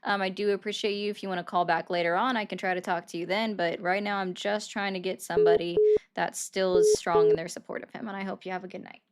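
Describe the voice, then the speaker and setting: A woman's voice: mid-range voice, fairly even intonation, quick pace, heavy background noise. A woman hosting a live call-in stream about politics, talking to callers in a sarcastic, mock-innocent way. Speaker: stream host.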